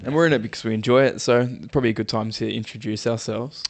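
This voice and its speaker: A man co-hosting a casual podcast, telling stories in a relaxed manner. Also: medium pitch, quick pace, vocal fry. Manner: relaxed, storytelling. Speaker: podcast co-host.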